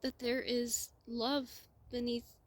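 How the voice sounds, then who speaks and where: Woman, slow, somewhat high voice, heartfelt monologue, near tears, slips into soft whispers. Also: flat delivery. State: close to tears. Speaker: spiritual vlogger. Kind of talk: emotional personal monologue.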